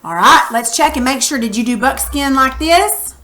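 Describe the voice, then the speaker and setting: A woman's voice: high voice, lively intonation, moderate pace, sharp tone. A woman teacher patiently walking students through a recorded reading lesson, talking casually while she writes on screen. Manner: patient, coaching, casual classroom talk; narrates while writing on screen.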